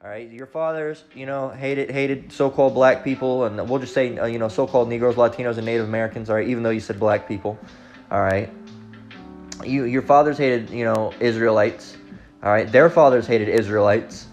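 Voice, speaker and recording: A man's voice: mid-range voice, fairly even intonation, a little fast, darkish tone, faint music behind. A man preaching in a loose, rambling way, constantly saying "all right" and speaking bluntly with profanity. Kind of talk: informal religious teaching monologue.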